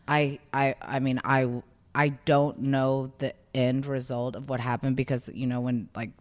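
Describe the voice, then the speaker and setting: A woman's voice: extremely low pitch, flat delivery, measured pace. A woman in her thirties, a podcast guest, telling a story in a casual, chatty way with many restarts. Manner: chatty, many restarts, acts out quoted voices.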